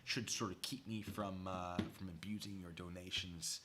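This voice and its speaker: A man's voice: deep voice, steady tone, moderate pace, background noise. A man giving casual live-stream commentary at a desk mic, rambling and chatty with asides to his viewers. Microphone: desk mic pulled close.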